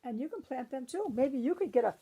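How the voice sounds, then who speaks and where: A woman's voice: sits high, expressive, a little fast, mellow, husky, dull audio. A woman librarian reading a picture book aloud to children, breaking off for chatty asides to her young listeners.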